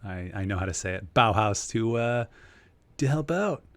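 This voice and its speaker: Male host, lowish, dry close sound, friendly chatter. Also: expressive, normal speed, a bit bright, no room sound. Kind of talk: casual live chat.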